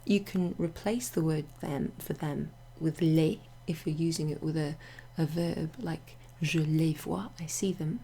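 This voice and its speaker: A woman teaching a casual French grammar lesson to her club members, chatty and relaxed, with many fillers and asides. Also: deep voice, measured pace, vocal fry, hardly any pauses, husky. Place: home near a greenhouse.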